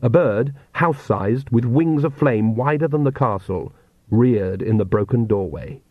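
A man's voice: medium pitch, a little slow, no echo, phone-quality sound. Dry-voiced male audiobook narrator. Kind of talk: scripted narration.

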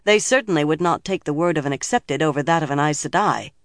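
A man's voice: a little high, lively intonation, fast, a bit bright, dry recording, studio quality. A man voicing a proud, argumentative young woman in an audiobook reading. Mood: objecting.

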